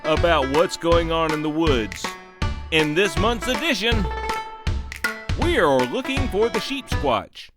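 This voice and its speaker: A man doing a loud, brash magazine ad announcer. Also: expressive, slow pace, loud music behind the voice. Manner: boastful, crude pitchman delivery.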